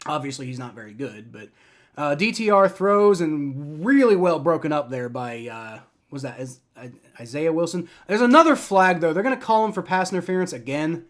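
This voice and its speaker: A man's voice: a little high, animated, normal speed, a bit bright. A young man hosting a live play-by-play reaction stream, ranting and swearing in frustration as a fan. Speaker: livestream reaction host.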